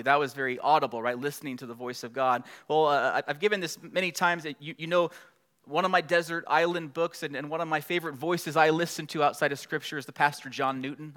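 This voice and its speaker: A man's voice: fairly high pitch, pushed and bright. A middle-aged male pastor preaching a sermon in a conversational way, building to emphatic passages.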